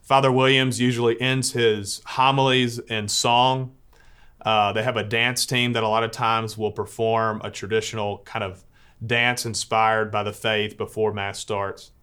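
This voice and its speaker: A man's voice: on the low side, flat delivery, a little slow, bright, forceful tone, clean tone. A Catholic priest telling a personal story to listeners in an earnest way, often restarting as he searches for words.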